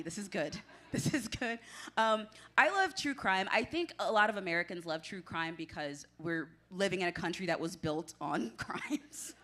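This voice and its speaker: Bright-voiced woman doing stand-up. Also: lowish voice. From Washington, D.C. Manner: self-deprecating, chatty, laughs between jokes. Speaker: stand-up comedian. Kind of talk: stand-up comedy set. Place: small club stage with audience.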